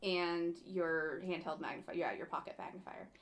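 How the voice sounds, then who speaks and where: A woman's voice: fairly low pitch, normal speed. A woman co-hosting a casual live stream, reading out viewer questions in a playful, teasing way.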